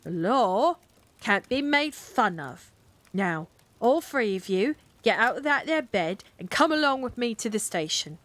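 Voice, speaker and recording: Bedtime storybook: woman voicing a blustering, sarcastic old-school bobby, mid-pitched. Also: lively intonation, measured pace, a bit bright, no echo. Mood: stern. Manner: blustering, slightly sarcastic, ungrammatical speech. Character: gruff stubborn male London policeman, middle-aged. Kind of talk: cozy bedtime read-aloud.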